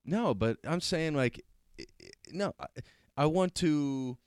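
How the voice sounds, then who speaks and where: A young man co-hosting a casual podcast, playful and rambling, often repeating words in quick bursts. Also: on the high side, animated, a little mellow, smooth, no room sound, clean studio sound. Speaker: podcast co-host. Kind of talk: casual chat. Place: small home podcast studio.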